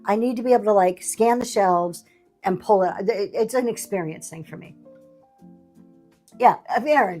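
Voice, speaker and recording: A woman's voice: medium pitch, normal speed, long pauses, mellow, faint music behind. A middle-aged woman hosting a livestream sale, chatting casually with a sassy, laughing manner. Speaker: livestream seller host. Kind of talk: casual chat.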